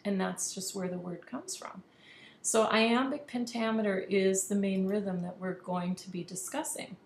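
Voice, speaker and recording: A woman teacher talks through a literature lesson in a patient, clear voice at a middle pitch. She leans hard on stressed syllables when giving examples. The room rings with echo over a faint hiss. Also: measured pace. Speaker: online high school English teacher. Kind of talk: recorded lesson explanation.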